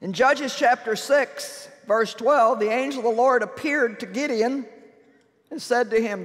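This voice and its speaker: A woman preacher giving a sermon in an animated, humorous and emphatic way in a large church. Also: a little high, a little slow, in a large hall.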